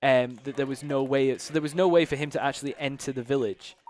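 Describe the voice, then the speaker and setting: A man's voice: mid-range voice, steady tone, fast talker, a little mellow. A man from the United Kingdom giving casual live commentary on his own speedrun, explaining the game as he plays and using a lot of fillers.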